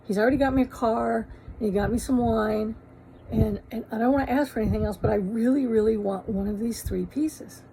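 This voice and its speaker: A woman's voice: on the high side, brisk, warm tone, slight background noise, natural voice, poor audio. A woman voicing an eager, wealthy female customer who pleads in a rush. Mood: pleading.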